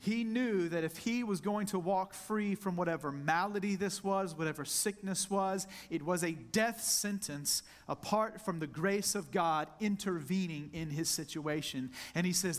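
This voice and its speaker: Male pastor, higher-pitched, intimate earnest sermon delivery. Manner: earnest, intimate preaching, drawn-out emphasis on scripture; addresses the congregation directly as "church".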